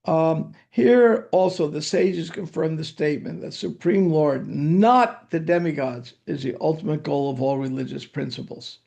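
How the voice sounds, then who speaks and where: A man's voice: fairly high pitch, animated, measured pace, creaky, few pauses, warm tone. An older man giving a scripture lecture, telling anecdotes in a conversational way with dry humor. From United States. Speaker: spiritual teacher giving scripture class.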